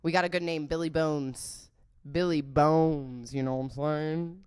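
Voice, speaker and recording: A young woman hosting a podcast, telling a story in an animated, profane, joking way. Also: low voice, unhurried, smooth. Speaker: podcast host.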